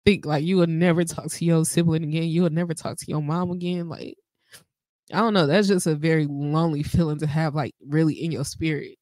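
A woman co-hosting a podcast, talking haltingly and emotionally in a casual heartfelt conversation. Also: low-pitched, steady tone, warm tone, no room sound. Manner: halting, emotional, fillers and restarts. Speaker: podcast co-host.

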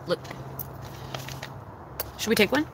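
A woman's voice: slow, noisy background. A young woman chatting casually on a livestream, answering her chat in a blunt, profane, giggly way.

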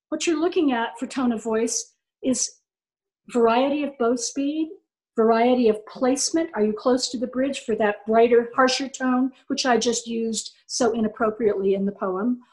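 A woman teaching an online violin class from home over a video call, animated and demonstrative, often checking in with her students. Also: on the high side, poor audio. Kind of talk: online music class lecture.

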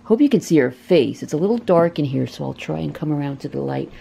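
This woman speaks fast in a low, gravelly, husky yet mellow voice with lively intonation. She's a pet rescue volunteer in a dim indoor room, gushing casually as she shows off a cat for adoption and often cooing to it in a sing-song way.

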